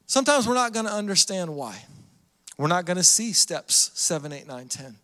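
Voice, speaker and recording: A man's voice: sits high, very animated, normal speed, sharp tone, big-room sound. A man preaching a sermon as pastor, with an earnest, repetitive cadence.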